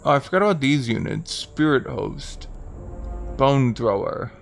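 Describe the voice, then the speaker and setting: A man's voice: medium pitch, lively intonation, unhurried, vocal fry, faint music behind. Sardonic man commenting on a game. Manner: offhand and sardonic, swears casually. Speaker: streamer. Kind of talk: casual gameplay commentary.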